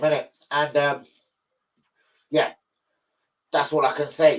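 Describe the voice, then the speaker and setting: A young man, hosting a football fan channel and ranting in casual, heavily sworn, animated commentary. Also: medium pitch, moderate pace, pauses often. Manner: sweary, animated, keeps saying "bruv" and "do you know what I mean".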